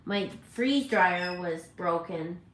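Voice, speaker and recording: A woman's voice: lowish voice, slow pace, slight background noise. Chatty woman in a roomy echo. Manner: rambling, self-correcting, chatty. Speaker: parrot channel host. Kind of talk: casual livestream chat.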